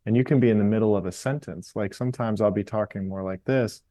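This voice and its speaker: A man with a low, warm, mellow voice talks through his ideas in a calm, explanatory way, as a guest on a podcast interview. His voice is dry and close, with no room sound around it. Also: fast, no room sound. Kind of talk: reflective interview talk on meditation.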